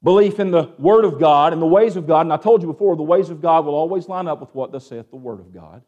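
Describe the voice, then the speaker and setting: Pastor, male, high voice, sermon delivery with call-and-response, shifts between hushed and raised. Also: fast talker, muffled recording. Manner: Southern-tinged preaching with call-and-response "amen?", swings from hushed to raised.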